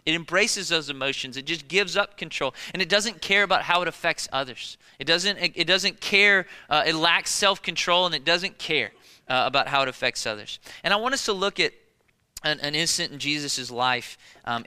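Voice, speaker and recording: A young man with a high, very bright voice preaches a sermon in a casual, conversational way, driving each point home by saying it again. The room around him is a church hall, with a long reverb trailing his words. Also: brisk, clean tone. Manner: conversational, repetitive, emphatic preaching. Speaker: pastor. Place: church auditorium.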